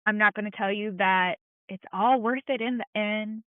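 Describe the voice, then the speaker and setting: A woman's voice: mid-range voice, steady tone, moderate pace, no echo. Woman guest talking straight from the heart, plain-spoken and reassuring, sounds like a phone line. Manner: earnest, encouraging, plain-spoken. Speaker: podcast guest. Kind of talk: candid heartfelt conversation. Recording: tinny phone-like line, dry.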